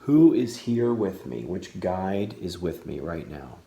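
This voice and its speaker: A man doing paranormal vlog narration, speaking slowly and deliberately and calling out to unseen guides. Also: sits low, very animated, vocal fry, dark tone. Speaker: paranormal investigator. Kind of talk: vlog narration and spirit session. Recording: echoey room.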